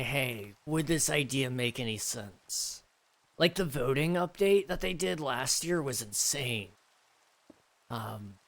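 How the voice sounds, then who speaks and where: A man's voice: medium pitch, a bit bright. Rambling man chatting on stream. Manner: rambling, joking, many fillers. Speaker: streamer reading chat. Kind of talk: casual live-stream chat.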